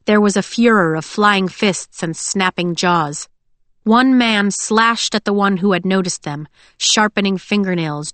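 This is scripted audiobook narration by a woman with a medium-pitched voice, delivered measured and expressive. The recording has no audible room sound.

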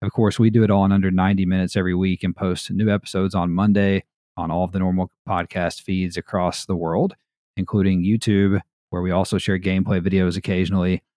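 Deep-voiced Southern American podcast host. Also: male voice, level tone, fairly quick, mellow, no room sound, studio quality. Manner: laid-back, chatty, laughs often. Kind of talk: casual podcast chat.

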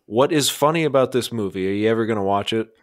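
A man co-hosting a podcast, chatting casually in a slow, rambling, self-deprecating way. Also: on the low side, no room sound, studio quality. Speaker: podcast co-host.

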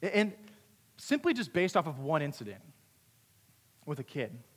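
A young youth camp speaker tells a youth group a self-mocking story, his voice pitched a little high. He's animated and self-deprecating, moving at a moderate pace with lively shifts between loud and hushed, while a big hall's long reverb trails after him.

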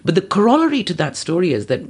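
A woman guest on a podcast, telling a story in casual chat, animated and laughing, acting out other people's lines. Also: fairly low pitch, fast, husky.

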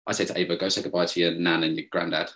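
A young man rattles through a story at speed, his voice sitting very low. He talks animatedly and swears freely, slipping into other people's voices when he quotes them, in a casual podcast chat. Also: level tone, very fast, fairly bright tone. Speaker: podcast co-host.

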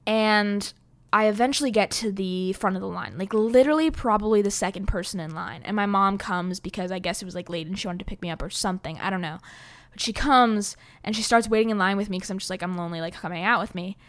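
A young woman tells a personal story in a loose, rambling vlog style. She fills her sentences with "like" and the odd swear word. Her voice sits at an ordinary middle pitch and jumps up when she gets excited. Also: fast. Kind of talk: casual storytelling.

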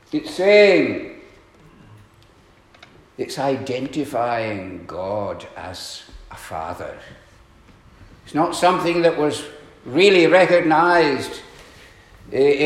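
Slow, earnest preacher in an echoey hall. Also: male voice. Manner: earnest preaching, rising to emphatic questions and dropping low; frequent throat clearing and filler pauses. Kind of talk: sermon. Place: church.

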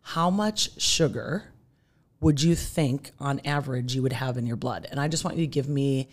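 Lady with a low voice explaining fuel sources on a podcast, lively, does little quoted voices. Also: moderate pace. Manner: energetic, explanatory, acts out the body's voice in quotes. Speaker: nutrition therapist guest. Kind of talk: podcast interview.

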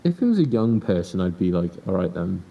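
A teenage man co-hosting a podcast, talking in a dry, deadpan way in a casual chat. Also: brisk, gravelly, highs cut off. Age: teens. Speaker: podcast co-host. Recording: distant mic with faint rumble.

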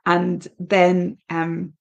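A middle-aged Irish woman hosting a parenting podcast, talking in a thoughtful, hesitant way with many pauses and restarts. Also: fairly low pitch, monotone, gravelly, lo-fi sound. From Ireland. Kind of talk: reflective solo podcast talk.

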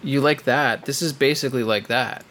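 A man's voice: mid-range voice, normal speed, fairly bright tone. A man co-hosting a casual podcast from his living room, joking sarcastically and swearing as he rambles. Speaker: podcast co-host. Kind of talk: casual banter. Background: fan running.

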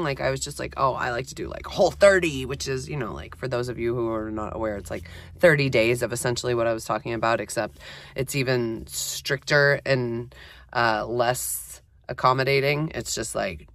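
Casting: chatty woman podcast host, low voice, dry close sound, recorded on a phone in a closet. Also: fairly bright tone, no room sound. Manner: chatty, self-deprecating, lots of fillers. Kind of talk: casual solo podcast talk. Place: small closet.

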